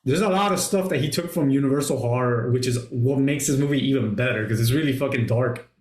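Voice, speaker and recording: A man hosting a casual movie review chat, retelling scenes excitedly and swearing a lot. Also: medium pitch, quick pace. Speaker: podcast host. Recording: roomy echo.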